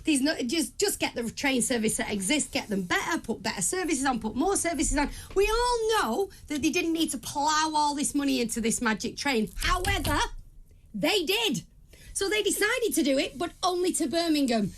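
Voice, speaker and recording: A woman with a high, bright voice argues on a political talk show. She is emphatic and opinionated, cutting in with firm views. She grew up in the north of England. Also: lively intonation, moderate pace. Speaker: co-host.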